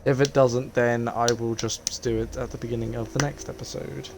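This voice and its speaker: A man's voice: medium pitch, flat delivery, normal speed, background noise. Exasperated man commentating a game. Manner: exasperated outbursts, repeating words over and over. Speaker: gaming channel host.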